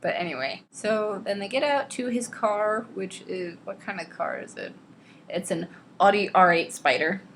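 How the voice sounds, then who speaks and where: A young woman vlogger reading a novel aloud and ranting about it, sarcastic and exasperated, swearing freely and squeaking high when she mocks lines. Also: expressive, normal speed, fairly bright tone, slight background noise. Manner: jumps to squeaky high pitch when mocking quotes. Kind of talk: casual ranting book commentary.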